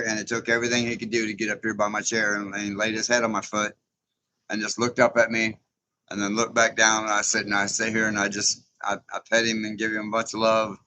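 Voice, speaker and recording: A man's voice: fairly low pitch, pushed and bright, poor audio. A man hosting a casual live stream, folksy and chatty, often chuckling as he greets viewers.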